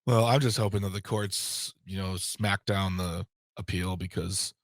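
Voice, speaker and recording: A man's voice: deep voice, steady tone, unhurried, no room sound. Rambling, impassioned radio co-host, man. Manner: rambling, impassioned, restarts and fillers. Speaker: board operator and co-host. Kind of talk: casual talk radio chat. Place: radio studio. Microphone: studio microphone.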